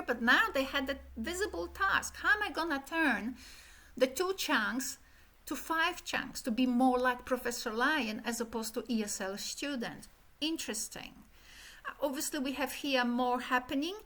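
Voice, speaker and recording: A middle-aged woman giving an animated academic keynote lecture, illustrating speech rhythm with sung syllables. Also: sits high. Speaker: keynote speaker.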